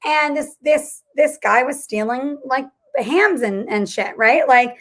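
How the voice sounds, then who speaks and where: A woman's voice: sits high, lively intonation, slow pace. A woman co-hosting a comedy podcast, telling stories in an emphatic, indignant way. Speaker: podcast co-host. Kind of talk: comedic casual chat.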